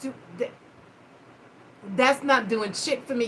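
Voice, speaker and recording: A woman hosting a live-stream chat, telling stories in a blunt, profane, animated way. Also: on the high side, takes it slowly, a little hiss or hum, poor audio. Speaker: host.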